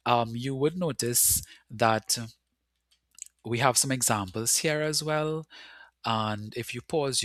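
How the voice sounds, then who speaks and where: A man's voice: mid-range voice, fairly bright tone, no room sound. Patient male Spanish teacher, dry close voice. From Caribbean. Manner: patient, explains step by step and slows to spell out words. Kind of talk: recorded video lesson.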